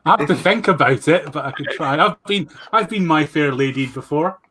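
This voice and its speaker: A man's voice: a little high, a little fast, sharp tone, husky. A man joking in a casual group chat with dry, mock-indignant humor.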